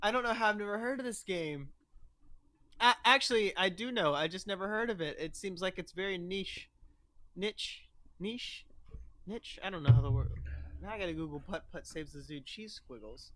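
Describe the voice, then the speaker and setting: A man's voice: high voice, brisk, pushed and bright. A man co-hosting a casual podcast, easily cracking up and swearing casually as he chats. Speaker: podcast co-host. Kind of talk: casual chat.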